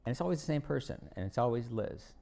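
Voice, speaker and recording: A man's voice: medium pitch, expressive, fast talker, creaky, dark tone. A man, a former politician, telling folksy anecdotes on stage and giving advice to students. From United States. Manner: folksy anecdotal storytelling with acted quotes. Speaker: guest speaker, former congressman. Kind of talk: storytelling talk on stage. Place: university event hall.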